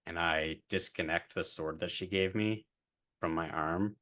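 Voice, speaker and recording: A man playing in a tabletop game, speaking slowly and deliberately for his character. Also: low-pitched, steady tone, fairly bright tone. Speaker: player. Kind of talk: casual tabletop play.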